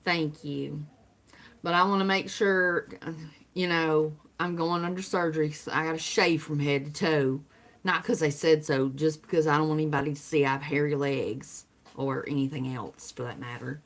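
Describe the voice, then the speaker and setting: A woman's voice: low-pitched, steady tone, normal speed. A woman with a Southern US accent, chatting casually with viewers on her livestream and answering their comments. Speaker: livestream host.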